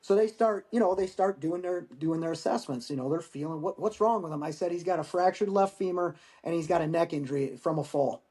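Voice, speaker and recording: A man in his forties, a Marine veteran guest, telling war-training stories in a casual, profane, animated way. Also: a little high, brisk, few pauses. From United States. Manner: profane, animated storyteller acting out dialogue. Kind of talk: casual storytelling interview.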